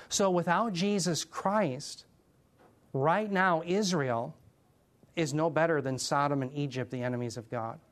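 A middle-aged man teaching through a Bible passage verse by verse, earnest and putting rhetorical questions to his listeners. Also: on the high side.

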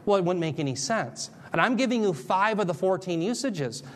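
A man's voice: high voice, animated, brisk. Man teaching a conversational sermon. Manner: conversational, jokey asides, checks in with "Okay?". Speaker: Bible teacher.

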